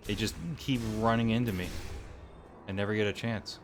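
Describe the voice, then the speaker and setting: Male streamer, lowish voice, casual game commentary, reads on-screen text aloud, faint music under. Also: steady tone, moderate pace.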